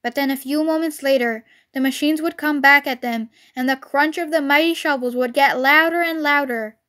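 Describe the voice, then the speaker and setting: A woman's voice: high voice, normal speed, pushed and bright. A woman reading a children's storybook aloud expressively, as a storyteller.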